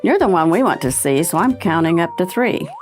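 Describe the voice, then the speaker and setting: A woman voicing a calm, fearless mother frog who coaxes others in a raised voice. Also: on the low side, fairly quick, faint music behind. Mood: coaxing.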